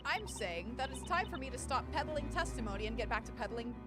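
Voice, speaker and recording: High chirpy young flower seller, pushy and cheerful, a woman doing her, music under. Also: expressive, brisk. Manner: cheerful, pushy, sales-minded. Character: chirpy young flower-selling girl witness. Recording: game music behind.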